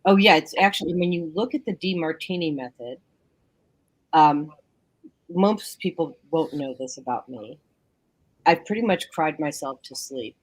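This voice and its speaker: Woman telling a story, lower voice. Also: a little slow, no echo, low-quality recording. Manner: animated storyteller, acts out quotes. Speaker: guest. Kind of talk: casual radio talk. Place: home bedroom.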